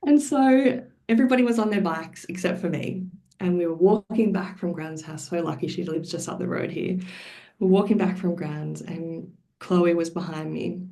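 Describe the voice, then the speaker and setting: A mother telling her birth story as a podcast guest, lively and expressive, often laughing. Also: fairly low pitch, normal speed, creaky. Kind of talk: personal storytelling.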